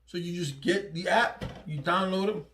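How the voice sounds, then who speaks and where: A man hosts his own channel and talks casually through a product review, stopping often to check in with "right?" and starting his sentences over. His voice sits somewhat high for a man. The room around him has a noticeable echo. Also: normal speed, fairly bright tone, a little hiss or hum. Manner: chatty, repeats "right?" often, restarts phrases. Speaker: channel host. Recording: echoey room.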